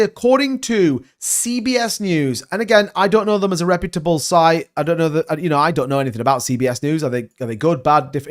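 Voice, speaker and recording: A man giving casual crypto market commentary, animated and emphatic, rambling from point to point. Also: a little high.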